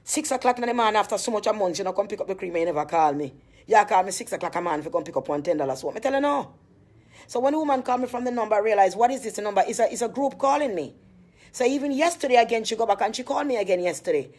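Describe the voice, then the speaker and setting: A woman's voice: mid-range voice, expressive, rapid-fire, a little mellow. A woman with a Jamaican accent ranting to her viewers, indignant and rambling, swearing freely as she sells skin cream. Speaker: vlogger selling skin cream. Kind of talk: casual rant to camera.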